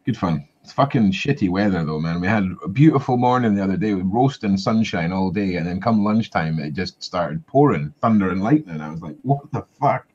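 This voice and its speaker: A Scottish man chatting casually as a podcast co-host, telling animated, sweary stories. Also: low voice, a little fast, hardly any pauses, breathy edge. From Scotland. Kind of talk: casual chat. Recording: slightly muffled lo-fi audio.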